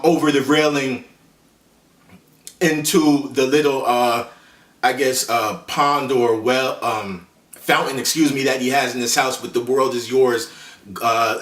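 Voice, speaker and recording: A man's voice: medium pitch, a bit bright. Slangy male host in an echoey room. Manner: slangy, rambling, with many fillers and self-corrections. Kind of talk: casual movie countdown commentary. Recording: echoey room, voice far from the mic.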